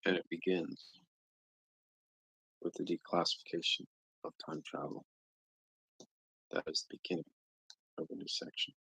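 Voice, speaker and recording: An American man chatting casually on a live stream, rambling and joking with long pauses. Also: flat delivery, pushed and bright, dry recording. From United States. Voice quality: slow, low, gravelly voice. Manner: rambling, jokey, drawn-out phrasing with long pauses. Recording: dull, lo-fi, dry stream audio.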